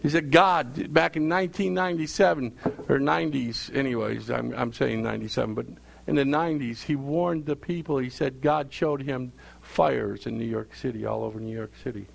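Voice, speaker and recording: A man's voice: medium pitch, steady tone, moderate pace, gravelly. A male pastor preaching a sermon, repeating phrases for emphasis and calling out questions to his congregation.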